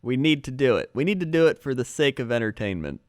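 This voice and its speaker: A young man co-hosting a comedy podcast, explaining things in a goofy, deadpan, mock-serious way. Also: mid-range voice, fast talker, no echo, clean studio sound. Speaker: podcast co-host. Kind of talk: casual comedy chat.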